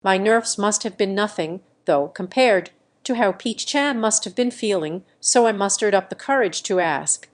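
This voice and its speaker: A woman narrating a first-person romance audiobook in a gentle, earnest storytelling manner. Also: mid-range voice, lively intonation, moderate pace, few pauses.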